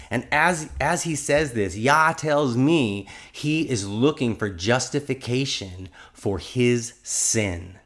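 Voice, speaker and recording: A man's voice: medium pitch, fairly bright tone. A man in his fifties telling a religious testimony in an earnest, rambling way, often restarting his sentences. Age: 50s. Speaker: testimony speaker.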